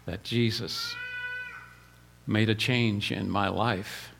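A man preaching a sermon, telling personal stories in a plain way, often repeating words and clearing his throat. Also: lowish voice, steady tone, slow, background noise.

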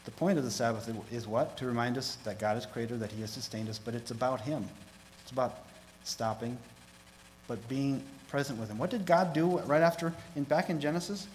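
A man's voice: medium pitch, fairly quick, slight background noise, rough recording. Man preaching with rising intensity. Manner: reads scripture aloud, rising and louder on key verses; asks the congregation questions. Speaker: pastor. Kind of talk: sermon.

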